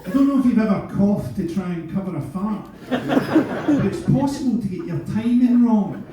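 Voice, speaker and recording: A Scottish man in his fifties doing a stand-up comedy set, dry and sardonic with sudden shouted punchlines. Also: high voice, expressive, normal speed. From Scotland. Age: 50s. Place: large theatre stage before a laughing crowd. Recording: echoey distant theatre audio with audience noise.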